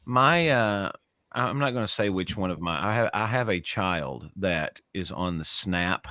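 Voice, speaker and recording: A middle-aged man co-hosting a casual chat show, telling stories in an animated way and mimicking other people's voices. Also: low voice, measured pace, no room sound, studio quality. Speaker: podcast co-host.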